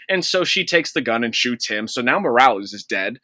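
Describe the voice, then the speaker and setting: A man's voice: medium pitch, sing-song, a little fast, hardly any pauses, pushed and bright, no echo. A man co-hosting a casual gaming podcast, ranting in an exasperated, profane way. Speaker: podcast co-host.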